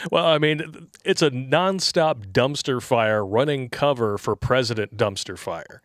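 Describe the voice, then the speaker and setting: This man speaks slowly in a medium-pitched, fairly bright voice, captured with a dry, clean studio sound. He co-hosts a laid-back livestream, reading out donor messages and laughing at his own crude jokes.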